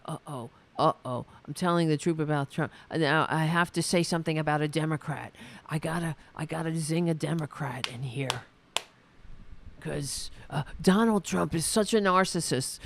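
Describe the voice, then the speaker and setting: A man's voice: fairly high pitch, gravelly, slight background noise. A man mocking a smug, nervous politician. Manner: rushed, muttering self-talk, partly whispered. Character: smug, nervous male politician forcing a joke. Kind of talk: mocking impression.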